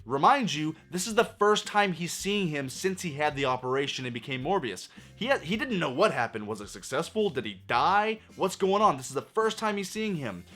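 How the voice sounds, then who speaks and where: A man's voice: on the high side, sing-song, moderate pace, few pauses, sharp tone, soft background music. A man ranting through a movie review, sarcastic and profane, full of exasperation.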